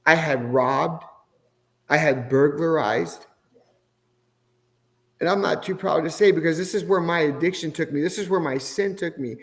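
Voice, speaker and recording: A man's voice: a little high, normal speed, pauses often, fairly bright tone. A middle-aged man, a podcast guest, telling his personal faith testimony in an earnest, emotional way. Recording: long hall reverb.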